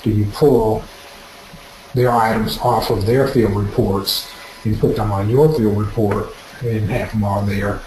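A man's voice: on the low side, steady tone, unhurried, roomy sound, crowd noise, rough recording. A man giving practical, explanatory advice as the presenter of an instructional webinar.

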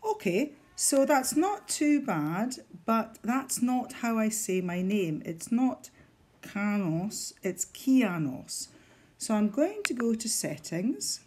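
A woman's voice: fairly high pitch, sing-song, slow pace, few pauses, a little mellow, slightly rough. A woman, a teacher walking learners through a device step by step with patient guidance. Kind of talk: instructional screen demonstration.

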